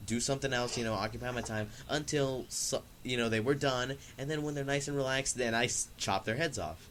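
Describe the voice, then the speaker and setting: A man's voice: medium pitch, fairly quick, a bit bright. A man with a mid-range voice trades crude jokes and teasing jabs on a podcast. There is a faint hiss under his voice. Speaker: podcast co-host. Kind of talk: casual chat.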